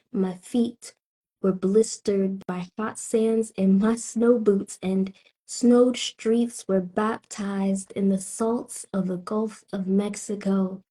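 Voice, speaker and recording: A spoken word poet from Tampa, Florida, a woman with a Southern accent, delivering her lines in a slow, rhythmic way with weighty pauses. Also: mid-range voice, warm tone, breathy edge. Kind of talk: spoken word poetry performance.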